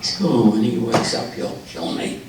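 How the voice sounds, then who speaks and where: A man telling jokes to a live audience, unhurried, louder on the punchlines. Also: medium pitch, noisy background. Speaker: joke teller. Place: forum hall. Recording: echoey hall, voice from far off.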